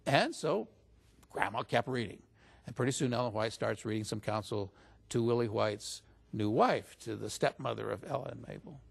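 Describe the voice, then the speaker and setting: Gravelly-voiced man telling a story. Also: mid-range voice, a little fast. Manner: animated storytelling, raises his voice to quote others. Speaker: interview guest recounting stories. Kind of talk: casual storytelling interview.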